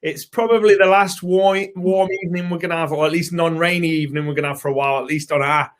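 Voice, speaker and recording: A man's voice: fairly high pitch, fairly even intonation, fast talker. Chatty British man hosting a webinar. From United Kingdom. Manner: chatty, rambling, greets viewers by name. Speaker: co-host and co-founder.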